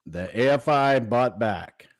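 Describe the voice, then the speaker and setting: A man's voice: medium pitch, lively intonation, takes it slowly, no echo, studio quality. A man co-hosting a casual livestream, hesitant and full of fillers. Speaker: livestream co-host.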